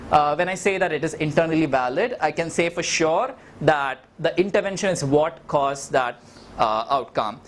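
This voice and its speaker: A man's voice: fairly high pitch, normal speed. A man from India giving an explanatory talk, conversational and self-correcting, with frequent fillers.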